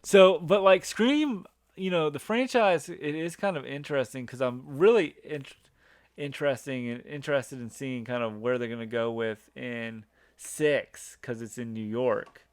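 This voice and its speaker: A man's voice: mid-range voice, unhurried, no echo. A man in his thirties hosting a podcast in casual chat, rambling along with many restarts. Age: 30s. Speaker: podcast host.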